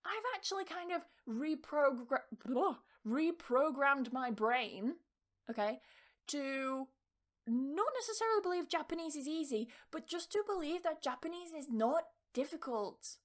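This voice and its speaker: Woman, high voice, English teacher and podcast host; casual, blunt, emphatic, swears now and then. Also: expressive, a little slow. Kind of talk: casual motivational talk.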